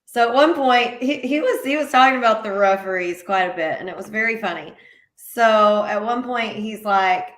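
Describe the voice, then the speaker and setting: Woman podcast cohost, lively storytelling, echoey room sound. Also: medium pitch, moderate pace. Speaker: podcast co-host. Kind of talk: casual sports chat.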